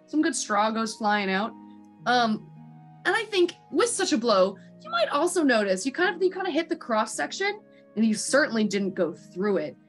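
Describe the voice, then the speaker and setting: A woman narrating as dungeon master, rambling and joking with many fillers. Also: mid-range voice. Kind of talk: narrating a tabletop game.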